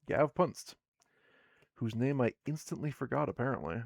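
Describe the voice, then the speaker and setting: A man's voice: medium pitch, normal speed, vocal fry, no echo, studio quality. A sleepy man casually narrating his solo tabletop game on a live stream, rambling and self-deprecating as he reads the game text aloud.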